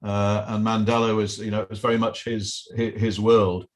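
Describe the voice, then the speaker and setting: A man's voice: lowish voice, little pitch movement, moderate pace. A middle-aged man, a podcast guest, chatting casually and telling rambling anecdotes with many restarts. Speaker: podcast guest, business owner. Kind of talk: casual interview chat.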